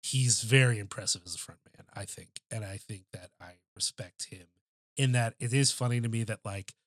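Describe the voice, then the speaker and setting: A man's voice: fairly low pitch, moderate pace, dry recording. Man, podcast co-host, casual chat, rambling storyteller, profane, filler-heavy, dry sound.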